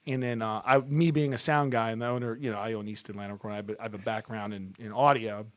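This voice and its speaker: A man's voice: lowish voice, fairly even intonation, fast. A middle-aged man, a guest on an interview podcast, telling long anecdotes in a casual way with many restarts and the odd laugh. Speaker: podcast guest, music talent buyer.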